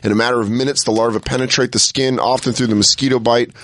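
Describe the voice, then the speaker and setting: A man's voice: medium pitch, fairly even intonation, fast, fairly bright tone, no room sound, studio quality. A man co-hosting a casual podcast, joking crudely and laughing often. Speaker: co-host.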